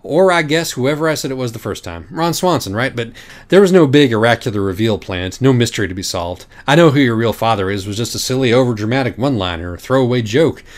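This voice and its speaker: A man voicing an exasperated, swearing young man who yells at the story itself. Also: medium pitch, expressive, fast talker, pitched above the performer's own voice, close to an everyday voice. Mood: offhand. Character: exasperated, foul-mouthed young male narrator character.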